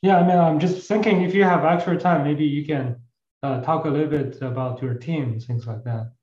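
Host: man on a video call, curious, clears throat; roomy, muffled audio. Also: a little high, normal speed, darkish tone. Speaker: host asking about a demo. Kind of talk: casual video call chat.

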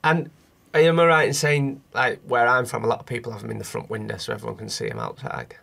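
A man's voice: medium pitch, animated, fast talker, gravelly, a bit bright. A man co-hosting a podcast in casual comic chat, cheeky and teasing. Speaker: podcast co-host.

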